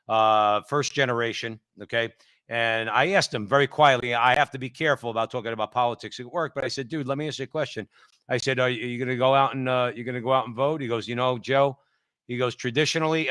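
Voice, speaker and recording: A man's voice: medium pitch, bright, forceful tone, smooth, no echo. A man hosting a radio talk show in a chummy, folksy way. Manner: chummy, folksy, calls people brother.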